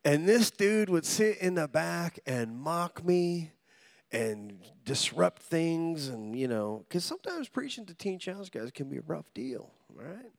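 A man preaching with an animated, swooping delivery, his pitch rising and falling constantly. He tells stories with humor, acts out the voices in them, and keeps pulling the congregation in with call-and-response. The sound is dry and close, with no room ring. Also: measured pace, creaky, no echo. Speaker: pastor. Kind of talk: sermon.

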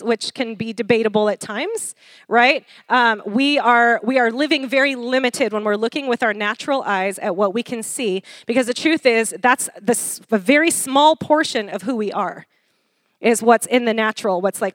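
A woman preacher delivering a lively sermon, laughing often and calling for responses from the congregation. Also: on the high side, no echo.

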